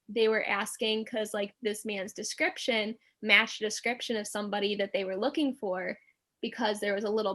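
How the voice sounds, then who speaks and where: A woman guest telling a personal story in a casual interview, animated and full of filler words. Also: medium pitch.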